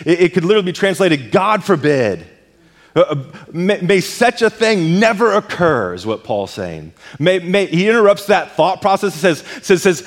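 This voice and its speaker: Male pastor, mid-high voice, emphatic sermon delivery, long church reverb. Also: very animated, normal speed. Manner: emphatic, repeats words when stressing a point. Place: church sanctuary.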